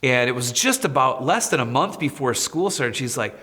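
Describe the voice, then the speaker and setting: A man's voice: mid-range voice, moderate pace, in a large hall. A man, a school principal, telling stories with animation and acting out the people he quotes. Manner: lively, acts out quoted voices. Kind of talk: personal storytelling.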